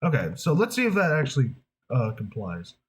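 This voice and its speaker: A voice actor talks casually to the camera, thinking aloud and often restarting sentences. Their pitch rises and falls a lot, which keeps the delivery animated. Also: brisk, poor audio. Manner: rambling, hesitant, with many restarts.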